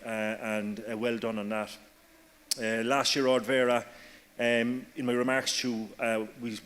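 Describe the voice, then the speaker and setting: Irish male councillor, measured formal address, monotone, reverberant hall. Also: medium pitch. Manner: even, measured delivery with Irish phrases. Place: council chamber.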